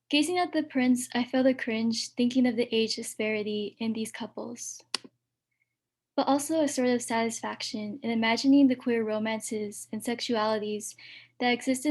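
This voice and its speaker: A woman calmly reading a reflective excerpt from her comic at a workshop. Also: a little high. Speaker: workshop reader.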